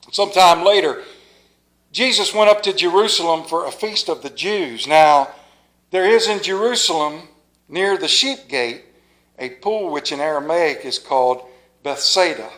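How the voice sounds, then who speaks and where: Male pastor, folksy preacher, slightly high-pitched, at a church service. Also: low-quality recording. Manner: folksy storytelling, earnest prayer. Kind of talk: sermon.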